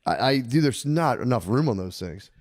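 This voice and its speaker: A man on a podcast retelling a story with mocking voices, relaxed and casual. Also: mid-range voice, normal speed, dry recording. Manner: laid-back, retells stories in mocking voices. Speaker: podcast host.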